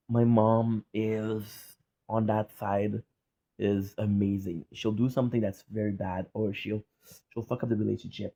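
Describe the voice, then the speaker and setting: A man talks through a reaction video in a low, gravelly voice with a husky edge. He is candid and swears freely, often stopping and restarting his sentences as he thinks out loud. His tone stays dark and mellow. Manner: candid and profane, with frequent restarts and fillers. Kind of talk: casual reaction commentary.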